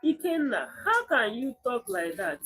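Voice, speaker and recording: A woman reading the part of a calm village man who keeps the peace, speaking slowly and soothingly. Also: on the high side, slight background noise.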